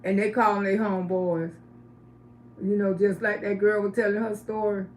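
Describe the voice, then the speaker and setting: A woman's voice: medium pitch, level tone, normal speed, roomy sound, slight background noise. A middle-aged woman, telling blunt stories on a casual livestream and asking her viewers questions. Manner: blunt, chatty, asks the audience questions. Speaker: livestream host.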